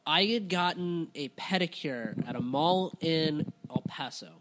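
A man with a slightly high voice chats in a loose podcast conversation. He tells his stories with animated energy, swears, and laughs as he goes. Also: a little slow. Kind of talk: casual storytelling chat.

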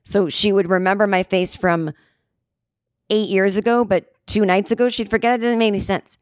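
A woman's voice: mid-range voice, steady tone, fairly quick, no echo. Chatty woman telling a story, dry sound. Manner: chatty, digressive, full of "like" and "you know". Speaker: comedian podcast host. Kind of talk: casual storytelling monologue. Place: hotel room.

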